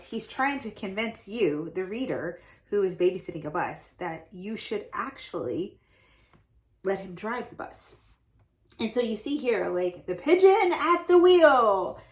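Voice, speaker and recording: A young adult woman hosting a lesson, talking casually and brightly about reading to children as she shows pages of books. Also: mid-range voice, poor audio. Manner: lively and chatty, showing off book pages. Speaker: host giving read-aloud tips to parents. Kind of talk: casual instructional talk.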